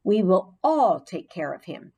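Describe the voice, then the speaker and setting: A woman reading aloud voices a patient but firm schoolteacher who gently scolds her class. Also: fairly low pitch, very animated, husky, exaggerated voice. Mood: stern. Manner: brisk, gently scolding teacher voice.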